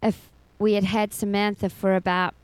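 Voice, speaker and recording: A woman's voice: medium pitch, little pitch movement, moderate pace, clear, resonant tone, no echo, low-quality recording. A middle-aged woman giving a personal faith testimony as a foster mother, telling her story expressively and laughing often.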